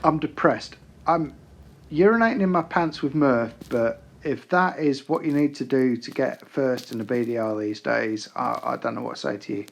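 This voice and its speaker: A man's voice: medium pitch, normal speed, gravelly. A man giving sarcastic, swearing commentary over his own tank gameplay, mock-quoting his teammate in exaggerated voices. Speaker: gaming YouTuber.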